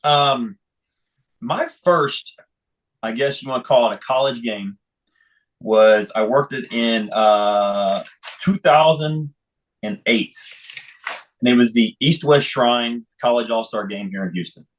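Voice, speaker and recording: Man telling a lively story. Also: mid-range voice, takes it slowly, pauses often, poor audio. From Texas. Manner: animated anecdotal storytelling, acts out phone calls. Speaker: football official, guest. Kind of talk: storytelling interview.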